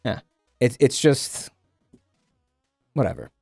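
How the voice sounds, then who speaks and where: A man's voice: mid-range voice, huge pitch swings, takes it slowly, gravelly, a little mellow, breathy edge, dry recording, studio quality, soft background music. A young man streaming, chatting casually while reading posts, profane and rambling with many restarts.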